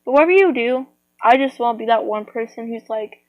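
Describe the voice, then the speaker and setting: A woman's voice: a little high, fairly quick, dry recording, rough recording. A woman chatting casually to her viewers, rambling with lots of fillers and restarts. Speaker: vlogger.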